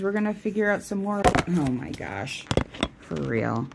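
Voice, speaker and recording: Over a noisy background, a tired tarot reader runs a casual live stream, yawning as she shuffles her cards. Her mid-range voice is gravelly and expressive, and she speaks unhurriedly. She's chatty and self-deprecating, talking to her viewers and to herself.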